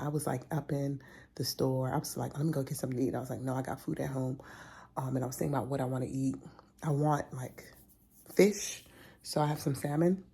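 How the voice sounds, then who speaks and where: A woman's voice: low voice, creaky, mellow, husky. A woman vlogger talking casually about food, sometimes dropping into a whisper. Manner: chatty, drifts into whispers. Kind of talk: casual vlog chat.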